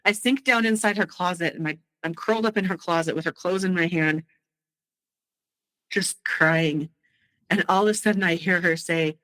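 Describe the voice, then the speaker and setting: A woman with a bright, forceful voice recounts a painful memory in halting, emotional bursts. She restarts her sentences often as she goes back over the night. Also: fairly low pitch, low-quality recording. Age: adult. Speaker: guest sharing her story. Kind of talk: personal storytelling.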